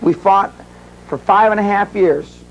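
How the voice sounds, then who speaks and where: A man's voice: high voice, a little slow, highs cut off, a little hiss or hum. A man speaking at a live seminar, telling rambling anecdotes and acting out the voices of the people he quotes. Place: seminar room with audience.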